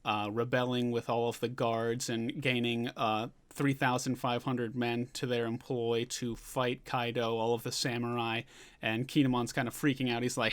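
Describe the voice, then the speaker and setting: A man talking through a manga chapter in an easygoing, rambling recap. He paraphrases scenes loosely and keeps the flow going with a mid-range voice that is neither high nor low. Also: little pitch movement, normal speed. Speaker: manga reviewer.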